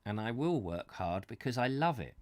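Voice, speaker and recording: A man in his fifties chatting live to his viewers, halting and rambling as he searches for words, earnest and heartfelt. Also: medium pitch, sing-song, a little mellow, no room sound. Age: 50s. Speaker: host of a live reading channel. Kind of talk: casual live chat to viewers. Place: his own studio.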